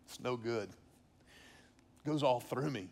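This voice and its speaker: A man's voice: mid-range voice, takes it slowly, vocal fry, a little mellow. A middle-aged man giving an earnest faith-based teaching on fatherhood, often repeating and restarting words. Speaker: preacher on fatherhood.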